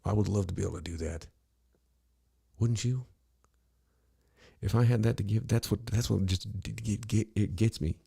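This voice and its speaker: A low, gravelly middle-aged man talks loosely on a podcast. His voice is dark and a little husky, and he swears freely while circling around his point with constant "you know"s. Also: normal speed, pauses often. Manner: rambling, blunt and profane, full of "you know". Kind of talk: casual podcast conversation.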